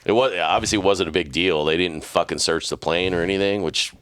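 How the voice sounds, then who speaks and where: A very deep-voiced man spins loose, cursing-filled stories as a podcast co-host. His voice sits close and dry on the mic, with no room sound around it. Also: fairly quick, fairly bright tone, smooth, no echo. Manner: profane, rambling anecdotes. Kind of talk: casual storytelling chat.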